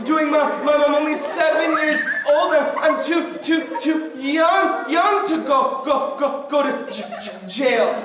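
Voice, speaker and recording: A man's voice: extremely high pitch, measured pace, few pauses, crowd noise. A man acting out a crying seven-year-old boy who stammers and pleads with his mother. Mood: sobbing, pleading. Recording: echoey hall from far off.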